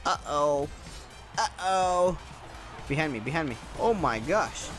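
A young man hosting his own gaming channel, giving excitable, casual commentary over his gameplay, often repeating his exclamations. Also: a little high, slow, pauses often, soft background music.

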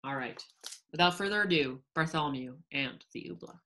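A woman's voice: sits low, normal speed, pushed and bright. A woman co-hosting a children's reading, chatting and reading a storybook aloud with expression. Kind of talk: storybook read-aloud and chat.

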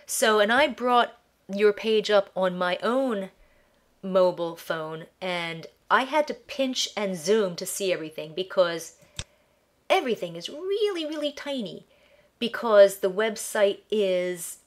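A woman's voice: medium pitch, slow. A woman web designer with a nasal, allergy-congested voice, casually talking through a website review and often restarting words. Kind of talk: screen-share website review.

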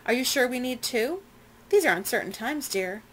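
A woman reading the lines of a pompous, well-fed colonial gentleman who speaks impatiently. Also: fairly high pitch, animated, moderate pace, slight background noise, voice pushed up.

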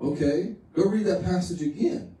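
A man's voice: sits high, normal speed, dark tone. A man pastor preaching a sermon in a folksy, conversational way, often repeating his phrases. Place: church sanctuary. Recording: echoey room, voice from far off.

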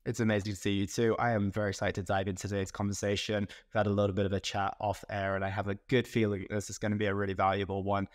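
A man's voice: lowish voice, little pitch movement, fast, hardly any pauses, no echo, clean studio sound. A man hosting a podcast, welcoming his guest in an upbeat way. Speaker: podcast host. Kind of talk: interview intro.

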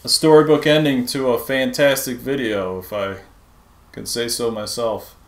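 A man's voice: medium pitch, steady tone, normal speed. A man hosting a gaming channel, chatting casually and poking fun at himself to viewers as he plays. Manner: self-deprecating, chatty, talking to viewers. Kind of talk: casual gameplay commentary. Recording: echoey room with noise.

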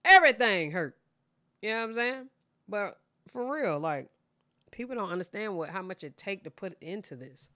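A woman's voice: mid-range voice, lively intonation, moderate pace, pushed and bright, dry recording, clean studio sound. A woman hosting a reaction video, chatting casually with slang and frequent laughs, talking straight to her viewers and sounding tired from filming late at night. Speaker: reaction channel host.

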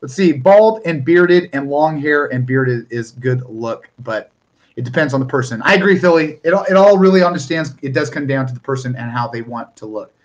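A man's voice: mid-range voice, lively intonation, moderate pace, highs cut off. A young man from Northern California hosting a casual live stream, chatting loosely with viewers and often restarting his sentences. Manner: chatty, rambling, with frequent restarts.

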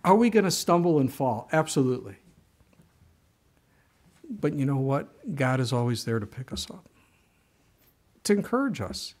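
A man's voice: medium pitch, darkish tone. An older man preaching a sermon in a conversational way, with frequent asides and restarts. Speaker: pastor.

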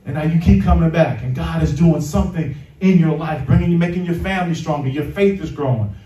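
A man in his fifties, a pastor preaching a sermon and telling a lively story, chuckling and acting out the people in it. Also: on the high side, a little fast. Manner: animated, chuckling storyteller who acts out dialogue. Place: church sanctuary. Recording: roomy hall, voice from a distance.

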